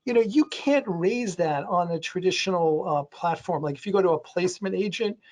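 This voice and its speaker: A man with a fairly high voice talks on a panel in a loose, rambling way. He restarts sentences often and leans on fillers as he goes. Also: normal speed. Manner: does playful voices for quotes. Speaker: panelist on a real estate crowdfunding webinar. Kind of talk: conversational panel talk.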